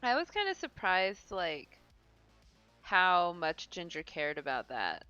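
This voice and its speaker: A young adult woman co-hosting a podcast in casual chat, animated and acting out quotes. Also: fairly low pitch, takes it slowly, smooth, lo-fi sound, soft background music. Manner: animated, acts out quotes from the show. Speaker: podcast co-host.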